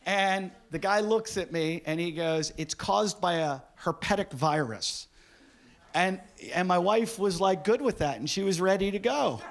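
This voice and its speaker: A man performing a stand-up comedy set on a club stage, telling an animated story and acting out what people said. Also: sits high. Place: comedy club stage before a laughing audience. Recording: live club recording with audience noise.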